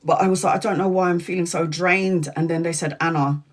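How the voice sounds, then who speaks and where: A woman's voice: lowish voice, fairly even intonation, fairly quick. A woman in her forties, a tarot reader hosting a live stream, talking frankly and chattily, swearing freely and calling out viewers by name. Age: 40s. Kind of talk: casual live-stream chat.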